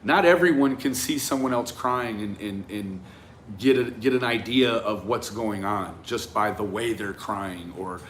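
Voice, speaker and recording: A man talking through a case in a reflective, conversational monologue, often tagging his points with a questioning "right?" and trailing off into quiet asides. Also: lowish voice, measured pace, slight background noise. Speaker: commentator on a true-crime case. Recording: roomy echo with faint ambience.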